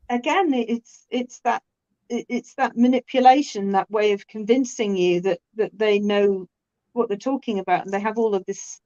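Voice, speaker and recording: A woman with a British accent in a casual conversation, chatty and quick to laugh. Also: a little high, a little mellow, muffled recording. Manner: chatty, laughs often, many restarts.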